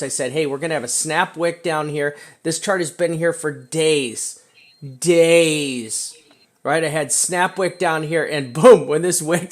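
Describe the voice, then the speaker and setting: A slightly high-voiced man talks through trading charts at his desk in a loose, casual way. He piles on fillers and keeps checking in with "right?", and he slows down to hammer home his warnings. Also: a bit bright. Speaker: crypto chart analyst.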